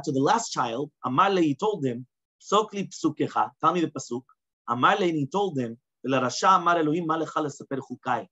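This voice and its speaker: Male Talmud teacher, fairly high husky voice, casual class, dull lo-fi recording. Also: a bit bright. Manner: reads Aramaic lines, then explains them in plain English, often asking "right?".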